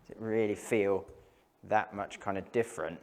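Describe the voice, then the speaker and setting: A man's voice: lowish voice, steady tone, normal speed, heavy background noise. A man talking casually between shots as he tests golf clubs in an indoor studio, thinking aloud and reacting to each hit. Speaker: golf club tester. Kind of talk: casual hitting commentary.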